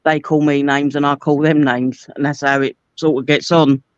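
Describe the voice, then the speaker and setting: A woman's voice: low-pitched, little pitch movement, normal speed, clear, resonant tone, no room sound, lo-fi sound. A Cockney woman in her forties, telling chatty personal stories in a casual conversation. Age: 40s. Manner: chatty anecdotal storyteller. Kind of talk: casual chat.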